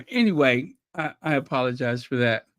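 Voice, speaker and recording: Slow-talking chatty male streamer. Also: medium pitch, very animated, a bit bright, dry recording. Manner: chatty, apologetic, laughs nervously. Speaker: channel host reading live chat. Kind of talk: casual livestream chat.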